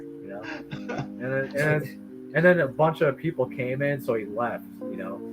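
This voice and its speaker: A man's voice: mid-range voice, moderate pace, rough recording. Storytelling man from Michigan, music behind. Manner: animated, acts out quoted voices. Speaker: streamer and comic artist. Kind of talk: casual storytelling on a live stream.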